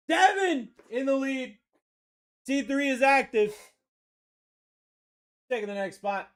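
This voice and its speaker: A man from Maine with a Maine accent hosts a live card-breaking stream, calling pulls with energetic, slangy banter and shouting over big hits. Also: extremely high pitch, takes it slowly, pauses often. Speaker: card-breaking livestream host. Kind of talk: excited live sales commentary.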